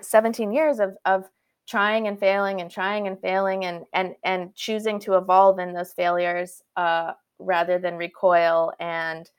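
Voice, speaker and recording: Animated woman telling her story. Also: medium pitch. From Canada. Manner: animated, tumbling retellings with frequent restarts. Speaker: author and guest. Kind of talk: conversational storytelling.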